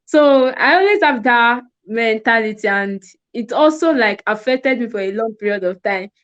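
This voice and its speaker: A woman with a Nigerian accent answers interview questions over a video call, her voice fairly high. She speaks hesitantly, with fillers, and the lo-fi call audio sounds dull. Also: lively intonation, moderate pace. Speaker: guest, fashion designer.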